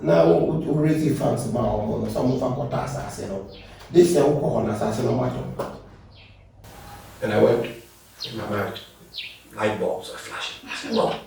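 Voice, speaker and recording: A man's voice: medium pitch, normal speed, gravelly, long pauses, mellow, slight background noise. A middle-aged man, a pastor telling stories and laughing as he answers interview questions. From Ghana. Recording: echoey room, distant mic.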